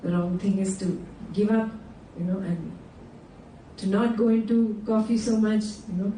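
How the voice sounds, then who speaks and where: A woman teaching a class on a sacred text in an animated way, often checking in with her students with quick questions. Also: mid-range voice, echoey room, far from the mic, a little hiss or hum, rough recording. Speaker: scripture teacher. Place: indoor class room with students.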